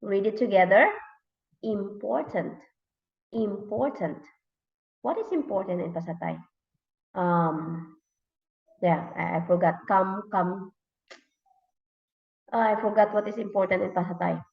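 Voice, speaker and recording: Thai-accented woman teacher drilling pupils, unhurried; lo-fi, echoey classroom recording. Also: medium pitch, gravelly. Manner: repeats words slowly to drill them. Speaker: English teacher. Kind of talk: classroom lesson for young learners. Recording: dull, roomy, recorded from a distance.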